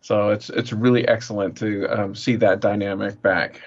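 A man's voice: on the low side, little pitch movement, normal speed, lo-fi sound. A man chatting casually as a podcast panelist, speaking earnestly. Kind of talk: casual chat.

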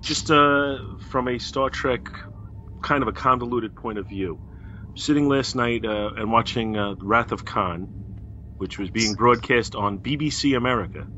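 A man's voice: mid-range voice, unhurried, bright, forceful tone. A man hosting a podcast in casual chat, laughing often as he talks. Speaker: podcast host. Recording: dull lo-fi audio with faint hiss.

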